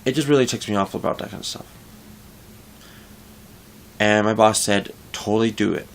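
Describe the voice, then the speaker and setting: A man's voice: lowish voice, normal speed, a little hiss or hum. A young man talking casually in a vlog, venting frustration about his workplace in a rambling way with frequent restarts. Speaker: vlogger.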